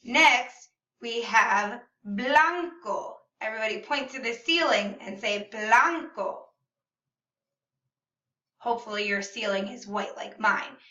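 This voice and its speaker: Bright, slow-talking woman teacher, echoey room. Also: on the high side, lo-fi sound. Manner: upbeat, slow and clearly enunciated, modeling words for repetition. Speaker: Spanish teacher. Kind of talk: video lesson for kids. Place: classroom or room at home. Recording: echoey room, slightly far from mic.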